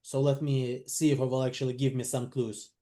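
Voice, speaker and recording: A man's voice: medium pitch, little pitch movement, brisk, dark tone. A man practicing a sales role-play on a video call, thoughtful and a little hesitant. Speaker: sales trainee.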